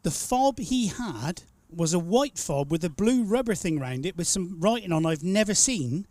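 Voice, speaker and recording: A man's voice: high voice, expressive, moderate pace, darkish tone, no room sound. A man hosting a live stream, chatting casually and telling rambling, teasing stories. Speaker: stream host. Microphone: studio mic.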